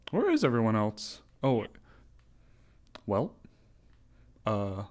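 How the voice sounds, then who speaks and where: A man's voice: medium pitch, sing-song, very slow, darkish tone. A male streamer in casual chat while playing a roleplay character, hesitant and often laughing.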